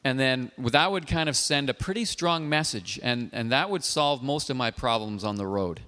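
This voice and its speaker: Calm male call-in host, reverberant. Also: medium pitch, moderate pace, smooth. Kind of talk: hosting a call-in show. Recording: long reverb.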